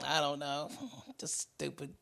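A man's voice: on the high side, monotone, measured pace, gravelly, pushed and bright. A man with a Southern US accent in casual comedic podcast chat, profane and ranting. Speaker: podcast co-host.

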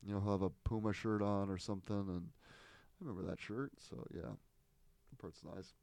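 Rambling, amused low-voiced man chatting. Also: fairly even intonation, moderate pace, a little mellow, no echo. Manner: rambling, self-interrupting, amused storytelling. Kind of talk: casual chat.

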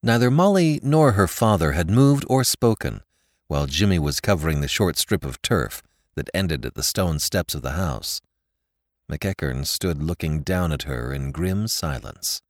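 A man narrating a classic story with an expressive, dramatic reading. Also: low voice, a little slow, dry recording, clean studio sound.

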